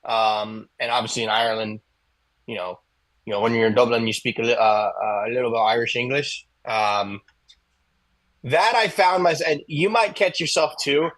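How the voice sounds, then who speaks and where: A man's voice: mid-range voice, moderate pace, a bit bright, low-quality recording. A young adult man co-hosting a casual talk show, rambling with many fillers and restarts. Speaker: co-host.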